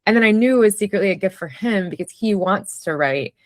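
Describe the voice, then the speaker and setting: A woman's voice: mid-range voice, lively intonation, fast, no room sound, studio quality. A woman telling personal stories in a casual conversation, reflective and chatty, with many fillers. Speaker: podcast guest, writer.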